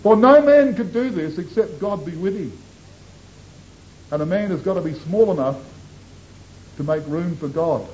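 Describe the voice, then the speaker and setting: Impassioned preacher on old lo-fi tape. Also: male voice, lively intonation, moderate pace, long pauses. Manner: impassioned, swings between soaring and hushed. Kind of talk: sermon. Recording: dull lo-fi tape with faint rumble.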